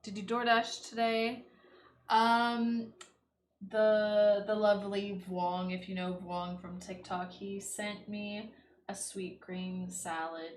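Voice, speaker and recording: A woman's voice: mid-range voice, little pitch movement, takes it slowly, slight background noise. A young woman streaming while she paints, chatting loosely with lots of "like" and "you know.". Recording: echoey room with faint ambience.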